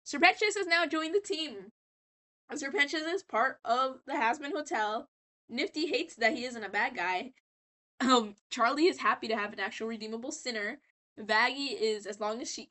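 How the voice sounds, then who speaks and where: A woman's voice: a little high, animated, normal speed, pushed and bright. A tipsy woman casually recapping a cartoon, giggling, swearing often and losing her place. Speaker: video creator.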